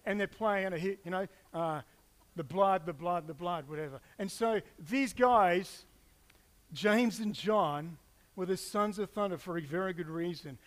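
Male pastor, higher voice, lively storyteller who acts out quotes. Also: a little slow. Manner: animated storytelling, acts out quotes with playful asides. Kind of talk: sermon.

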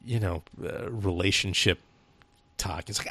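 A man with a low, gravelly voice rambles through a casual podcast chat. He tells his story in fits and starts, with fillers, restarts and swearing. The sound is dry and close, with no room in it. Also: normal speed, a bit bright, dry recording. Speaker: podcast co-host.

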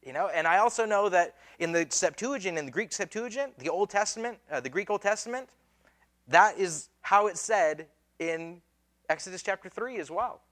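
A man delivering a sermon as a pastor, his voice sitting high for a man. He talks casually and conversationally, slipping in slang and acting out the people in the story. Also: animated, normal speed, fairly bright tone. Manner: casual, conversational preaching with slang and acted-out quotes.

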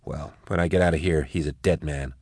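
A bruised but fierce woman prisoner, played by a male reader in a lifted, urgent voice. Her lines come sharp and sarcastic, recorded close and dry. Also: very deep voice, steady tone, fairly quick, dry recording.

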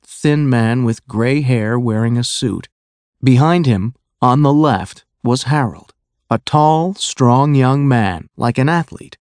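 A man narrating a graded-reader audiobook in a clear, measured way. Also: medium pitch, a little mellow, no room sound.

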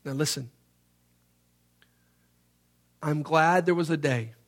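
A man, from Memphis, Tennessee, preaching a sermon as an animated storyteller who acts out the scenes. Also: fairly high pitch, moderate pace.

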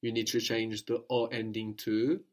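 A man's voice: lowish voice, level tone, moderate pace. A man teaching a language lesson, patiently prompting with questions and repeating each answer.

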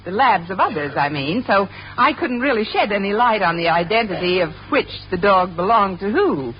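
An actress playing a quick-witted female schoolteacher in a 1950s radio sitcom, breezy and wisecracking, heard in an old radio broadcast with audience laughter and hiss. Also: mid-range voice, animated, highs cut off, natural voice. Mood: flustered.

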